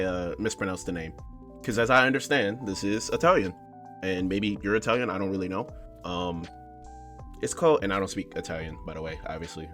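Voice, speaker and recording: A man's voice: on the low side, fairly bright tone. Rambling, joking gaming YouTuber man. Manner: rambling, joking, talks to viewers as "bro" and "y'all". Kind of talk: casual let's-play commentary.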